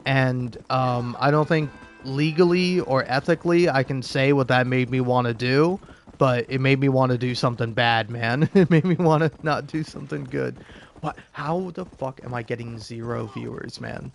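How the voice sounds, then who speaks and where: A man's voice: mid-range voice, normal speed, creaky, slight background noise. A young man streaming a game, rambling in casual chat with lots of fillers and restarts, sarcastic and profane.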